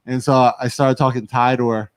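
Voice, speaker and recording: A man's voice: medium pitch, level tone, moderate pace, smooth, dry recording. A man co-hosting a casual studio livestream, joking, laughing often and reading viewer comments aloud. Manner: joking, laughs often, mimics accents in quotes. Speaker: livestream co-host.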